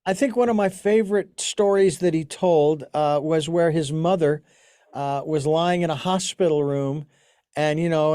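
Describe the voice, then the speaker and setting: A man with a notably high speaking voice hosts a casual interview. He tells long, wandering anecdotes full of fillers and false starts. The sound is close and dry. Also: mellow, smooth, no room sound. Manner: rambling storyteller with many restarts and fillers. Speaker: podcast host.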